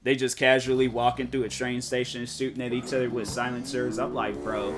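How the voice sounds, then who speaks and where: A man, a game streamer telling stories in casual chat and jumping into high mock voices. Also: brisk. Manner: animated storytelling, jumps into high-pitched mock voices. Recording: music playing behind.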